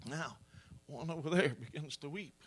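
A middle-aged man preaching a sermon, telling a story with rising, animated delivery. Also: fairly high pitch, moderate pace, slightly rough.

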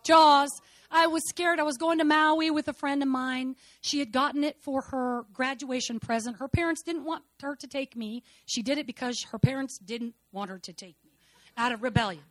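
High-pitched woman in her 50s, church testimony, dramatic storyteller, dry close sound. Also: normal speed, no room sound. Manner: dramatic storytelling, swinging between soft and loud. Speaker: speaker giving testimony.

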